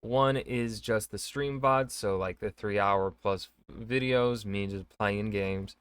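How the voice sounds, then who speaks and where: A man's voice: fairly low pitch, takes it slowly, fairly bright tone, clean tone. A man hosting a reaction video, chatting casually and joking at his own expense. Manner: joking, rambling, self-mocking.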